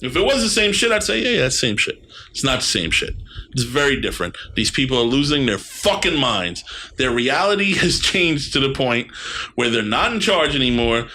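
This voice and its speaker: A man rants on a podcast, heated and profane, his voice bright and forceful. He talks in casual, run-on bursts. Faint room noise sits under the recording. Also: medium pitch, big pitch swings, moderate pace. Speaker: podcast co-host. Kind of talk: ranting casual chat.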